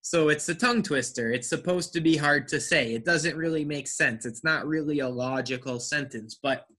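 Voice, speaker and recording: A man teaching an online English pronunciation class, speaking slowly and carefully and praising students. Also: a little high, sharp tone. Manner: slow, careful enunciation with encouraging feedback.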